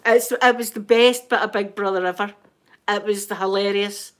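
A Scottish woman telling a story in casual chat, gossipy and animated, often checking in with her listener. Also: medium pitch, normal speed. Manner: laughs often while telling. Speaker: channel host.

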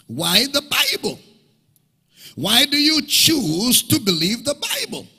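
Pastor, male; emphatic sing-song sermon delivery, high and animated, slightly raspy, church hall echo. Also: slow pace. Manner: emphatic, repetitive rhetorical questions, sing-song preaching cadence. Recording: large hall reverb, faint music behind.

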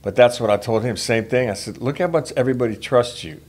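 A man in a casual podcast chat, relaxed, chiming in with short replies and his own anecdotes. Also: medium pitch, fast.

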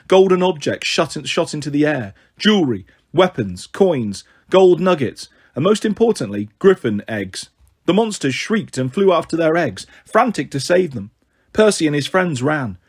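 A man reading a novel aloud as a narrator, in a steady, even storytelling manner. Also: a little high, husky. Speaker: audiobook narrator.

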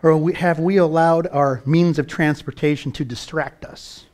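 A man's voice: on the high side, steady tone, moderate pace, a little mellow. A middle-aged man preaching a sermon as pastor, building fervor and firing rhetorical questions at his congregation.

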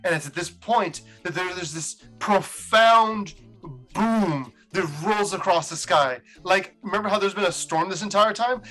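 A man hosting, recapping a story in casual chat, animated and quick to laugh. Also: sits high, faint music behind. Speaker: host.

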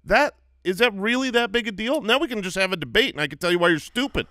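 A man's voice: sits high, expressive, fast, sharp tone, no room sound, clean studio sound. A man co-hosting a comedy podcast, ranting in casual banter with an opinionated, mock-outraged manner. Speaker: podcast co-host.

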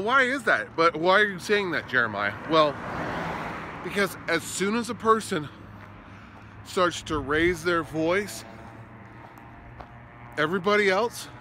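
A man giving casual advice while out on a walk, talking in an animated way that swings between loud emphasis and soft, slow asides. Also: on the high side. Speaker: vlogger. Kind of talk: walking vlog, casual advice talk. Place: outdoors on a walk, street traffic nearby. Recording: faint outdoor street noise.

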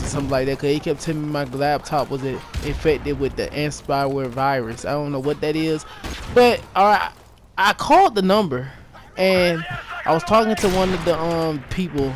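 A man telling a story to his viewers in a casual vlog, animated and rambling, repeating himself and tossing in "yo". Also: fairly high pitch, normal speed. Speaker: YouTuber. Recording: noisy with game gunfire behind.

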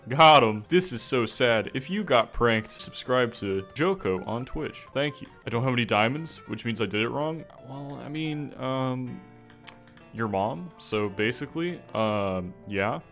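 A man streaming a game, talking casually to chat, excitable, jokey and swearing, with faint music behind him. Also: mid-range voice, measured pace. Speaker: gaming streamer. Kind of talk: casual gameplay commentary to chat.

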